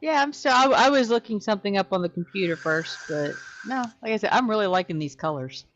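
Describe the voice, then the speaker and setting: A woman chatting softly in a hobby group and laughing easily. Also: mid-range voice, expressive, brisk. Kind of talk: casual group chat. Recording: dull lo-fi sound.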